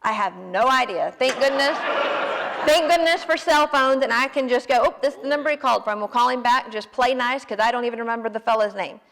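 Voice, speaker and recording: A woman in her late twenties with a Southern American accent, telling a personal story in a folksy, animated way. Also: fairly high pitch, fairly quick, gravelly, in a large hall. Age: 20s. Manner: folksy, animated, self-deprecating. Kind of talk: personal story told to an audience.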